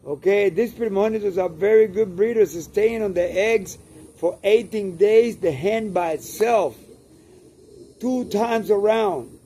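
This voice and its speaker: A man's voice: high-pitched, measured pace, mellow, a little hiss or hum. An older man from Cuba, a pigeon breeder talking casually to camera, emphatic and repetitive, often tagging "okay?" onto his points.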